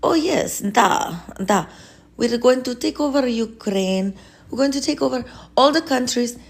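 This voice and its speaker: A woman playing a boastful male Russian strongman leader in broken English, with a mock Russian accent, pompous and slow. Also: on the high side, lively intonation, vocal fry, pitched above the performer's own voice, full character voice. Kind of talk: comedy sketch impression.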